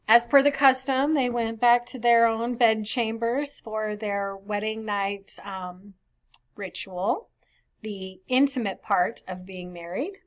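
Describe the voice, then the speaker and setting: A woman's voice: fairly high pitch, steady tone, takes it slowly. A woman reading an old poem aloud, then paraphrasing it in casual, slangy talk that is sprinkled with fillers. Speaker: reader explaining a classic poem.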